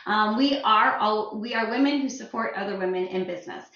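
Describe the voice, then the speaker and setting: A woman's voice: mid-range voice, fairly quick, a bit bright. Bubbly woman host, distant and echoey. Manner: bubbly, full of fillers. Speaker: event host introducing a guest. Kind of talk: upbeat sales event hosting. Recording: distant echoey muffled audio.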